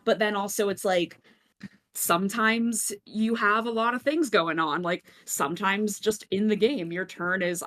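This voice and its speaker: A woman's voice: mid-range voice, normal speed, fairly bright tone. A woman chatting casually on an online voice call, rambling with many fillers and poking fun at herself. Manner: rambling, lots of "like" fillers, self-deprecating. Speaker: community member, regular. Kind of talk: casual group chat on a voice call. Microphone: computer mic on an online voice call.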